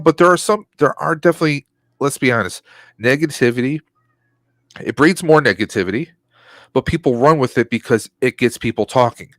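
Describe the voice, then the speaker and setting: A man's voice: a little high, a bit bright, no room sound. Opinionated man on a dry mic. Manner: opinionated, rambling rant. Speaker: podcast co-host. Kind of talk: casual chat.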